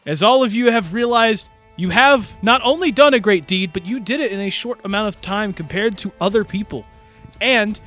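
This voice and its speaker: A man narrating a tabletop role-playing game as game master, casual and animated, often laughing. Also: high voice.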